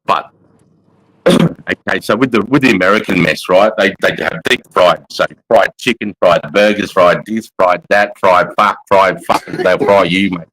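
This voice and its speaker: An Australian army veteran telling war stories in a casual livestream, swearing constantly and rambling bluntly. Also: male voice, low voice, measured pace, a bit bright, poor audio.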